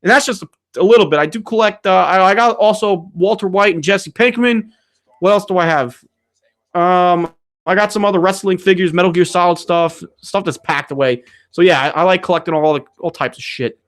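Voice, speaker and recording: Man, fairly high voice, casual livestream chat, rambling and swearing, rants. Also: a little fast, fairly bright tone. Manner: rambling, profane, ranting. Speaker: channel host answering viewer questions. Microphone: streaming setup mic.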